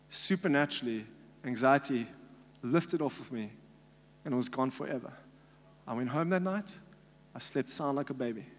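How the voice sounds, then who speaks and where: Young man preaching in a reverberant hall. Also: a little high. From South Africa. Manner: casual storytelling with many "like" fillers and acted-out quotes. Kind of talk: sermon with personal testimony. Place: church hall.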